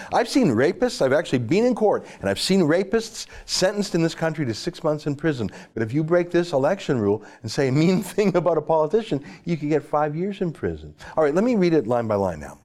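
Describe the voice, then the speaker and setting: Male commentator, animated delivery, emphatic and sarcastic, pitch swings widely. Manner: emphatic, sarcastic, reads legal text aloud. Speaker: political commentator. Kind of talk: opinionated political commentary.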